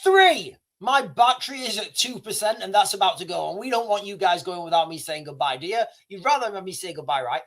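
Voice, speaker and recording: A man's voice: sits high, animated, fairly quick, few pauses, fairly bright tone. A man hosting a casual live stream, rambling and correcting himself as he talks to viewers, coughing now and then. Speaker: livestream host.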